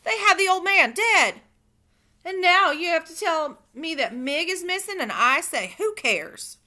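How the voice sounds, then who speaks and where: A woman reading aloud, voicing a scornful woman servant who talks loudly. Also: extremely high pitch, lively intonation, a little slow, pitched above the performer's own voice, exaggerated voice. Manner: scornful, raised voice. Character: sharp-tongued woman servant with keys, scornful.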